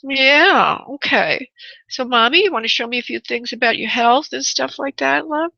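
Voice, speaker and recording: A woman's voice: high-pitched, animated, moderate pace, vocal fry, bright, forceful tone, no echo. A woman hosting a radio show as a psychic medium, doing a live reading for a caller and calling her honey and sweetheart. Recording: muffled radio phone-in audio.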